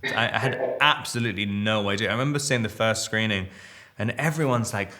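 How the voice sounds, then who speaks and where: A man's voice: fairly low pitch, a little fast, bright, forceful tone. A man in his thirties telling stories about his work in a casual interview, rambling with restarts, fillers and chuckles. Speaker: actor interviewee.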